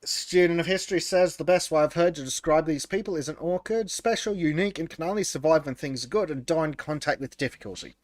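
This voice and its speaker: A man's voice: on the high side, quick pace, hardly any pauses, no echo. Chuckling man reading out chat comments. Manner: laughs often, stumbles and restarts. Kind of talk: casual podcast chat.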